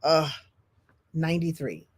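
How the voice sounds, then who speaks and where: A woman's voice: deep voice, measured pace, husky. Playful, laughing woman in her sixties. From Brooklyn, New York. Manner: playful, animated, laughs often, slips into impressions. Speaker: storytelling coach. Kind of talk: motivational talk.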